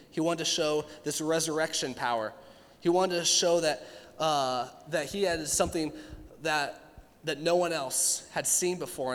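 A man's voice: a little high, a bit bright, in a large hall. A man preaching a sermon in an earnest, conversational way, acting out quotes and questions. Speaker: pastor.

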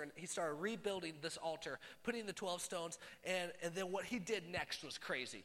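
Male pastor, high ringing voice, animated sermon delivery, reverberant hall. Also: moderate pace. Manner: animated, swings from loud bursts to hushed asides. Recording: long reverb of a large hall.

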